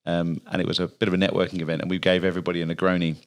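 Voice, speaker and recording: A man co-hosting a podcast, chatting in an easygoing way and often filling pauses with um. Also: low-pitched, flat delivery. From Australia. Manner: easygoing, with frequent um fillers. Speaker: podcast co-host. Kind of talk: casual podcast chat.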